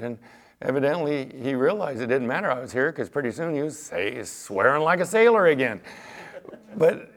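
A man's voice: on the high side, very animated, brisk, gravelly. A middle-aged man preaching as a pastor, telling everyday stories in a chatty way and acting out the back-and-forth of conversations. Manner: chatty storyteller, acts out quoted exchanges, fillers like "you know". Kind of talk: conversational sermon with anecdotes.

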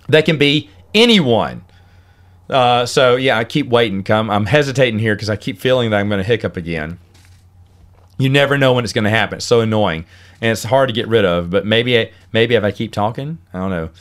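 A man's voice: mid-range voice, a bit bright. A man hosting a solo podcast, chatting in a rambling way, restarting and repeating words, with hiccups now and then. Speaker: podcast host.

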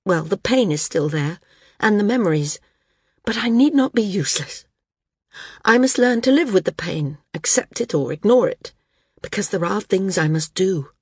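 A woman's voice: mid-range voice, darkish tone, breathy edge, no room sound, studio quality. Determined young flyer woman, read by a woman.

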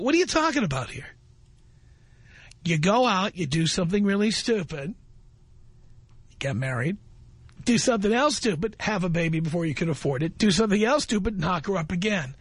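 A man's voice: high voice, husky, dry recording. A man hosting a talk radio show, reading a listener's message aloud and mocking it with sarcastic scolding.

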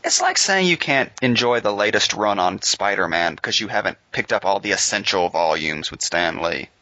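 A man's voice: on the low side, expressive, moderate pace, pushed and bright, dry recording. A young man in casual group chat, sardonic and fond of mocking others in quotes. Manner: sardonic, mock-quoting others. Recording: dry, muffled lo-fi recording.

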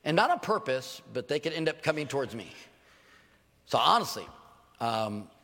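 An older man, a pastor delivering a sermon with animated, joking stories and acted asides. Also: mid-range voice, normal speed, big-room sound.

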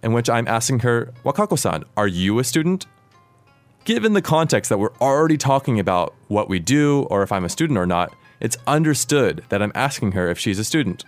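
A man's voice: medium pitch, big pitch swings, fairly quick, dry recording, faint music behind. An American man who speaks English natively, hosting a language lesson and patiently explaining Japanese grammar. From United States. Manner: patient, clear explanatory teaching. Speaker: language course host.

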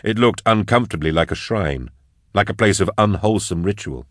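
A man narrating fiction in a measured, steady storytelling manner. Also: lowish voice, no echo, studio quality. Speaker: audiobook narrator.

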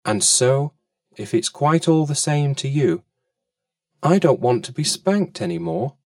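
Man voicing a young elephant calf, polite, curious, pleading, lively, slightly gravelly, storybook. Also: fairly high pitch, a little slow, no room sound, studio quality, far from the mic.

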